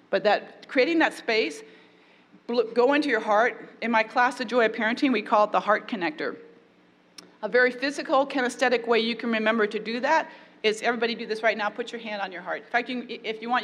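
A woman leading a parenting workshop for an audience, talking in a warm, encouraging way with playful asides. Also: medium pitch. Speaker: parenting class teacher. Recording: echoey hall, faint ambient noise.

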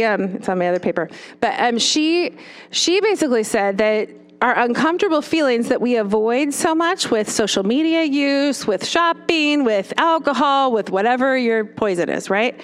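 A woman, a former children's pastor, giving a storytelling talk to parents, often checking in with "right?". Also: on the high side. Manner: storytelling with tag questions.

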